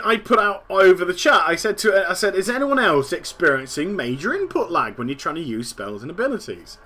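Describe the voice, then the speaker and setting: A man in his thirties rants about a game in a casual, exasperated monologue. He swears freely, repeats himself and laughs at his own jokes. His voice is bright and sits a little high. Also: big pitch swings, fairly quick, few pauses. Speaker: gaming podcast host.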